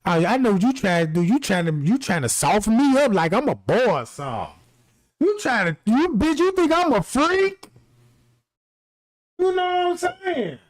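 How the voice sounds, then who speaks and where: A man with a high, country-sounding voice rants brashly and profanely on his stream. His pitch leaps around constantly. The sound is dry and close. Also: sing-song, moderate pace, dry recording. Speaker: livestream host. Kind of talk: casual ranting commentary.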